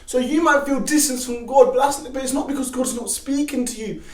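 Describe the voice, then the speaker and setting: A young man giving casual faith advice to camera, animated, acting out excited quotes. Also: extremely high pitch, brisk. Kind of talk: casual devotional talk to camera. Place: garage. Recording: echoey garage from a distance.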